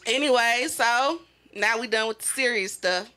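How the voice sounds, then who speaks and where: Woman, podcast host, bright and a bit high, casual slang, quick to laugh. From Kansas City area. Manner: loose, slangy, laughs often.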